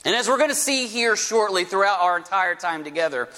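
A man preaching a sermon as pastor, with a lively storytelling manner and folksy asides. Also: high voice, brisk. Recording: preached in a reverberant hall.

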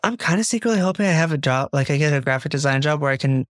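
A young man with a slightly high-pitched voice trades jokes on a casual podcast, playful and quick to laugh. He sounds close to the mic with little room sound. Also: expressive, dry recording. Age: young adult. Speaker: podcast co-host, artist. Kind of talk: casual chat.

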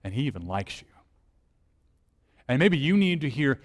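A lead minister giving a conversational sermon, asking rhetorical questions and swinging between soft, hushed lines and emphatic ones. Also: male voice, medium pitch, sing-song, moderate pace, big-room sound.

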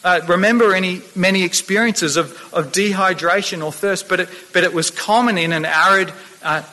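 A man preaching a sermon, earnest, often restarting his words and slowing down to read scripture aloud. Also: sits high, sharp tone. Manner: earnest, stammering restarts, slows for quoted scripture. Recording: long hall reverb.

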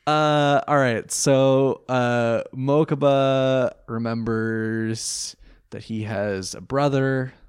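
A man co-hosting a casual podcast chat, recapping an anime episode with animated, laughing delivery. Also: mid-range voice, extremely slow, clean tone. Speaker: podcast co-host.

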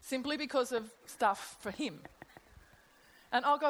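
A middle-aged woman delivers a sermon in a fairly high voice, talking conversationally and putting rhetorical questions to her listeners. Her words ring out with a long reverb, as if she were in a big hall. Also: unhurried, long pauses, a little hiss or hum. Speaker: preacher.

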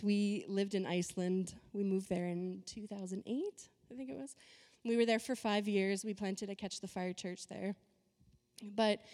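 A woman's voice: mid-range voice, warm tone, in a large hall. A woman pastor giving a conversational, emphatic sermon full of rhetorical questions.

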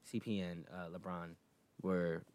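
A man co-hosting a casual podcast, talking in a relaxed, halting way with many fillers. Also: low-pitched. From Texas. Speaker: podcast co-host. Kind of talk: casual chat.

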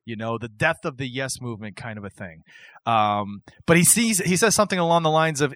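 A man's voice: medium pitch, animated, brisk, bright, forceful tone, no echo. A man hosting a casual podcast chat who tells a story with energy, acts out the quotes and laughs often. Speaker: podcast host. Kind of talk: excited wrestling storytelling chat.

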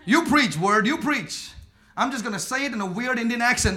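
A man preaching a sermon emphatically, using call and response, swinging between quiet talk and shouting. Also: very high voice, expressive, fairly quick. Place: church with congregation.

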